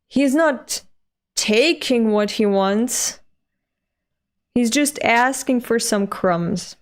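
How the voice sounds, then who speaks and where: Slow, higher-voiced woman reacting to manga. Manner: expressive, animated, swings high when moved. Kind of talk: emotional read-along reaction.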